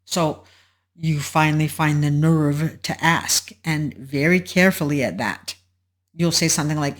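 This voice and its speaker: A woman hosting a solo advice talk, explaining in a measured way and walking through an example step by step. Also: sits low. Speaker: host.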